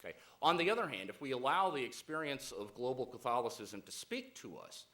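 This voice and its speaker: A man giving a keynote speech to a conference audience, measured and deliberate, with frequent "uh" fillers. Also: medium pitch, sing-song, fairly bright tone. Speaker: keynote speaker.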